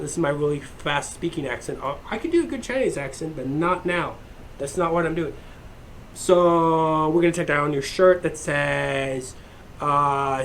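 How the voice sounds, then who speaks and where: A man vlogging in a profane, heated rant, rambling from one gripe to the next. His voice sits a little high, with a faint steady noise behind it. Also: normal speed. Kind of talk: profane ranting monologue.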